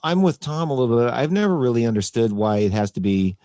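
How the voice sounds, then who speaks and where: A man hosting a casual video call chat, speaking in a relaxed, hesitant way. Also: medium pitch, quick pace, no echo. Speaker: host.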